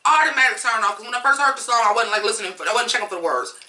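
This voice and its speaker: A woman's voice: a little high, expressive, very fast, pushed and bright, roomy sound. A woman reviewing songs in a blunt, profane, fired-up rant. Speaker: music reviewer. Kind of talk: ranting song review.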